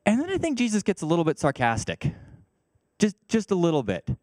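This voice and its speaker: A man's voice: sits high, wildly swooping pitch, fairly quick, a little mellow, no room sound, studio quality. A man preaching a sermon to a church, talking in a conversational way and reading scripture aloud. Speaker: pastor. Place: church service.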